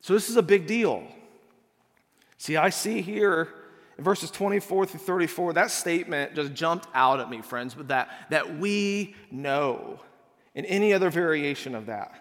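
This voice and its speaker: A man preaching a conversational sermon, casual and animated, acting out the people in the passage and saying "like" a lot. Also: on the high side, a little slow, in a large hall. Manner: casual, animated, acts out quotes and says "like" a lot.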